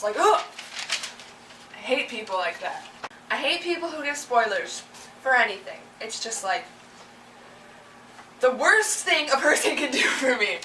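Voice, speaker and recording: A young woman with a high, sharp-toned voice rants on her vlog about what bugs her, casual and exasperated, playing out the people she quotes. The recording is roomy and a bit distant from the mic, with slight background noise.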